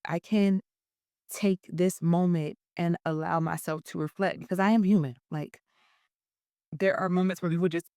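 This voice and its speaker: A young woman speaking earnestly and emotionally in a personal vlog. Her voice sits low and has a gravelly fry. The sound is dry and close. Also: mellow, no echo. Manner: earnest, emotional, self-affirming. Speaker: vlogger.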